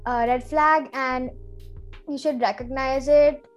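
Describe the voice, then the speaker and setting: A woman's voice: sits high, steady tone, slow pace, faint music behind. A young woman co-hosting a podcast, chatting casually and self-mockingly while giving earnest advice. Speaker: podcast co-host. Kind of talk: casual chat.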